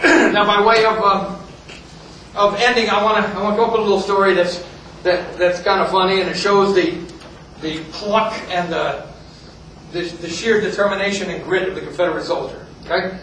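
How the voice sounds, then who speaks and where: Man, folksy joking talk, high bright voice, echoey hall, far from mic. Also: steady tone, moderate pace, slight background noise. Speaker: speaker at a heritage group meeting. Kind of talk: folksy history talk with jokes.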